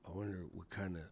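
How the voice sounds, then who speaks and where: Animated chatty man hosting a livestream. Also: sits low, a little hiss or hum. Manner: playful, chatty, reads chat aloud, jokey voices. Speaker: livestream host. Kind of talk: casual live stream chat.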